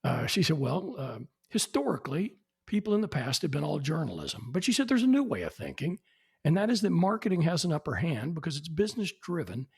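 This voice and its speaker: A man's voice: on the high side, fairly quick, vocal fry, breathy edge. A man, telling anecdotes as a podcast guest and acting out the people he quotes. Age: 70s. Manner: animated, acts out quoted people. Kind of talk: anecdotal storytelling.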